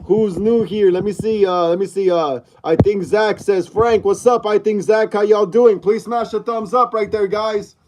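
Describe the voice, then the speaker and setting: A man's voice: high-pitched, fairly even intonation, moderate pace, few pauses, a little mellow. A man hosting a casual livestream from a room at home, greeting viewers over and over and reading chat aloud. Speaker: livestream host. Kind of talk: casual live-stream chat. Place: room at home, mid-move.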